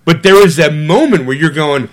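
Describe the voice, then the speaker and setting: A middle-aged man co-hosting a podcast, retelling a movie in casual chat with animated, swearing storytelling that acts out other people's lines. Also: on the high side, moderate pace. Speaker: podcast co-host.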